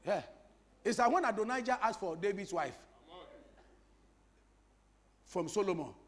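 The pastor now speaks at a measured pace in a high-pitched voice. Still animated, he leans on repetition and pokes fun at the congregation as he preaches.

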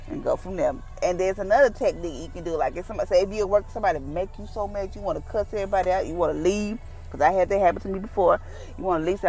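A woman giving a casual daily devotion, talking in a relaxed, down-to-earth way and acting out the voices she quotes. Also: medium pitch, fast, soft background music. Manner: conversational, acts out quoted voices; informal, down-to-earth phrasing. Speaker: devotional speaker.

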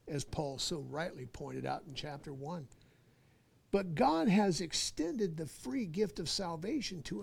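A man preaching a sermon in an emphatic way, repeating key phrases and slowing down to stress words. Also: on the high side, vocal fry, slightly rough.

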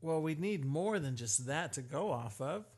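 A man's voice: fairly high pitch, expressive, moderate pace, crowd noise. A man playing a tabletop game, describing his character's actions in a casual, businesslike way. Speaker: player.

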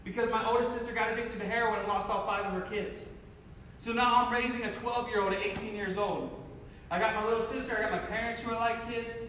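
Man from Cincinnati, personal testimony, intense storyteller, loud then hushed; lots of reverb in a large hall. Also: high-pitched, steady tone, fast, a little hiss or hum. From Cincinnati, USA. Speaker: speaker sharing his testimony. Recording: echoey hall, mic from far off.

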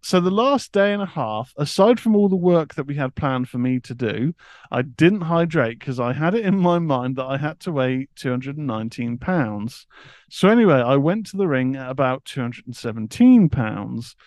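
A man's voice: medium pitch, lively intonation, normal speed, a little mellow, dry recording, clean studio sound. A man co-hosting a podcast, reading news items aloud and laughing often. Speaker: co-host. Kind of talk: casual chat, reading news.

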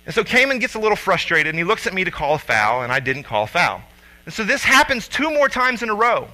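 A man in his thirties, a father and youth coach, telling a personal story with lively acted-out quotes. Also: sits high, fast, poor audio. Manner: animated storyteller acting out quotes loudly.

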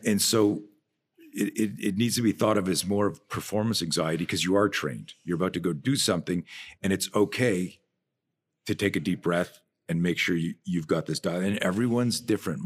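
A man with a very low voice and a husky, breathy edge, talking as a guest on a podcast. He tells stories with plenty of energy, loses his thread now and then, and circles back with restarts. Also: moderate pace. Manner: animated storyteller, trails off and restarts sentences. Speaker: guest, fear-management and martial arts trainer. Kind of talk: conversational podcast storytelling.

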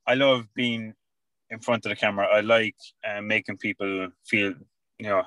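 Bright-voiced Irish man, chatty guest. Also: lowish voice, fairly even intonation, moderate pace, no room sound, low-quality recording. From Ireland. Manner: chatty and self-mocking, often restarting. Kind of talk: casual chat.

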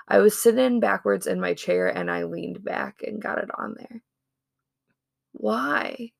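Gravelly-voiced woman in casual chat. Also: mid-range voice, unhurried, no room sound, studio quality. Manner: chatty storytelling with laughs. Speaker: podcast co-host.

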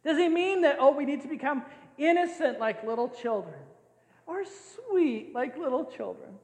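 A man's voice: very high-pitched, lively intonation, normal speed, darkish tone. An older man preaching a sermon as a pastor, playful and often laughing as he acts out scenes. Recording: echoey hall with long reverb.

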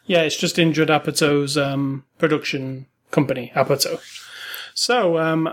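Halting man co-hosting a movie podcast. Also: a little high, fairly even intonation. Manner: halting, with many fillers and restarts. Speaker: podcast co-host. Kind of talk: casual movie review chat.

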